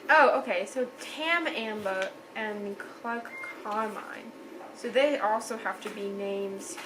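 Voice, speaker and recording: A woman's voice: medium pitch, slow pace, background noise. A young woman casually reviewing a novel she loved, chatty and gushing, often trailing off and restarting her sentences. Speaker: book reviewer. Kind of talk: casual book review vlog.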